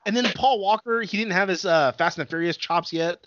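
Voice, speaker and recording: A man's voice: sits high, a little fast, fairly bright tone, no echo, muffled recording. A man casually retelling a movie's scenes and swearing often. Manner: retells scenes with acted-out quotes, swears a lot. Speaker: movie review co-host. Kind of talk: casual chat.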